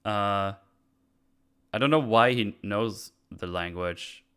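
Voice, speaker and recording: A man hosting a casual movie review chat, retelling scenes in quick quoted voices and laughing often. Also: fairly low pitch, bright, forceful tone, smooth. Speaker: podcast host.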